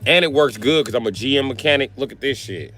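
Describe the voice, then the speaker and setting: A man's voice: medium pitch, quick pace, pushed and bright, soft background music. A man who works as a mechanic, chatting casually and profanely on a livestream, joking around.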